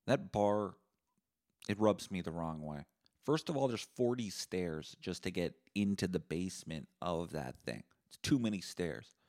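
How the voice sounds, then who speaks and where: Ranting lively-voiced young man from Canada. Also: sits low, a little slow. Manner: sarcastic, profane, animated ranting. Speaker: podcast host. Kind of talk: solo comedic rant.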